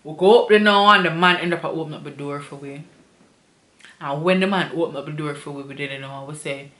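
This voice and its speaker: A woman with a Jamaican accent, vlogging an animated, indignant storytime review in patois. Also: low-pitched, fairly quick, reverberant.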